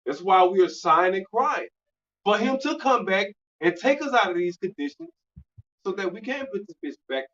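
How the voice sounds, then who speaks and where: A man from Louisiana with a Louisiana accent, preaching loudly and profanely in a street teaching discussion, often shouting. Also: high-pitched, sing-song, normal speed. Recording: distant dull recording.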